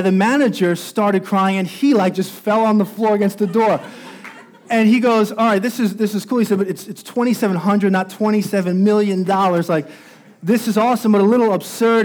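A man's voice: high-pitched, darkish tone. A man preaching a sermon as pastor, telling a story and growing more intense as it builds. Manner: storytelling, rising intensity at climaxes.

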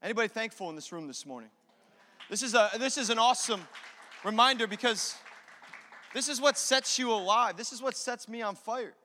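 A man preaching a sermon, impassioned, swinging between loud bursts and hushed moments. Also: extremely high pitch, animated, fairly quick, long reverb tail, a faint crowd. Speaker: pastor.

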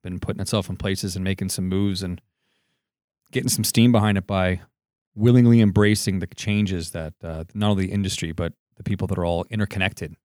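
A low-pitched man with a mid-Atlantic American accent talks as a podcast guest. He rambles in casual chat, heavy on fillers. The sound is dry and close. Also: fairly even intonation, fast talker, hardly any pauses, a little mellow, dry recording.

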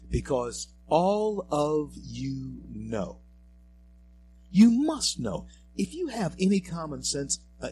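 A male radio talk show host with a high-side, darkish voice delivers emphatic, preachy political commentary. He speaks directly to his listeners, calling them folks and friends. Slight background noise is audible.

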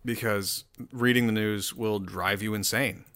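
Guy doing a one-man rant show, swears a lot, keeps cutting himself off, bright forceful voice. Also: fairly low pitch, fairly even intonation, a little slow, clear, resonant tone. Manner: rambling, profane, self-interrupting. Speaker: solo show host. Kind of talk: casual solo rant.

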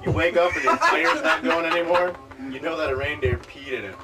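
A man on a podcast tossing in quick dry one-liners during casual chat. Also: fairly high pitch. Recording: distant mic under loud music.

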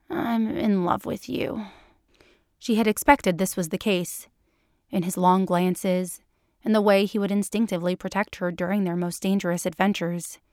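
A woman reads a story aloud in a playful, amused way. Her voice sits at a middle pitch. The recording is close and dry, with no room sound. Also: no echo. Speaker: reader. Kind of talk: reading fan fiction aloud.

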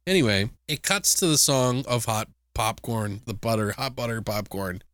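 Man, casual podcast co-host, lively retelling, swears a bit, dry close mic. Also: normal speed, no echo. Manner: animated retelling, jumps into high-pitched impressions of characters. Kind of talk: casual movie review chat.

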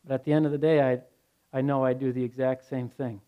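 A man's voice: medium pitch, little pitch movement, fast, smooth. A male pastor preaching a sermon, blunt and earnest, telling stories in a conversational way. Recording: dull lo-fi sound.

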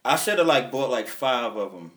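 A man's voice: mid-range voice, animated, normal speed, a bit bright. Young man telling loose, laughing tour stories. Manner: loose storytelling, laughs often, acts out quoted friends. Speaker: touring musician. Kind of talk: casual podcast chat.

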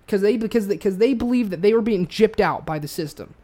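A man's voice: high voice, lively intonation, a little fast. A man in casual chat, ranting heatedly with lots of swearing and stumbling restarts. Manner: heated, profane, repetitive restarts.

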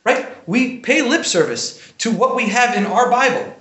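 A man's voice: very high-pitched, moderate pace. A man giving an informal Torah lesson in a conversational way, often checking in with "right?". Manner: conversational, often asks "right?", animated bursts. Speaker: Jewish teacher giving a class. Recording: echoey room.

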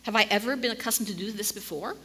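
A woman voicing a patient female donkey who pleads calmly. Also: medium pitch, quick pace, husky. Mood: pleading. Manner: calm, pleading. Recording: long hall reverb.

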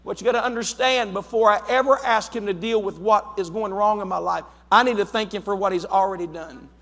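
A male pastor with an Ohio accent preaching a fervent sermon in a church, rising to shouts. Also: high voice, fairly quick. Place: church sanctuary. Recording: long church reverb.

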